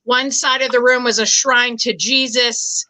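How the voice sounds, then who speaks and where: A middle-aged woman from the Boston area works a comedy club stage, her high voice ringing very bright over the handheld mic. She talks in a self-deprecating, halting way, full of ums and stumbling restarts. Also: fairly even intonation, rough recording. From Boston area, USA. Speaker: stand-up comic. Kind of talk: stand-up comedy set.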